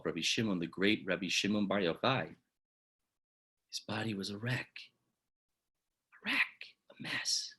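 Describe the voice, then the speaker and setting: Husky, animated male rabbi storyteller. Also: low voice. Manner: dramatic, swings from loud to hushed. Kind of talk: Torah lesson storytelling.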